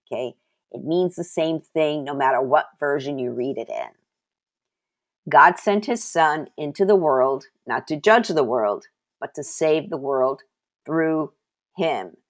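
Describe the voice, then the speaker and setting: A woman giving a sermon, reading scripture aloud and sharing her own testimony, slowing down to stress key words. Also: low-pitched, animated. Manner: personal testimony mixed with Bible reading. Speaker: preacher.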